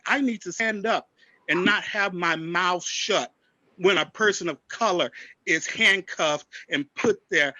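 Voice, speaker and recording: A man speaking with fierce conviction on a panel, his voice bright and pushed forward. The sound is dry and dull, like a lo-fi video-call microphone with little air around it. He talks somewhat high for a man and hits his points hard. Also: no room sound. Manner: impassioned, forceful.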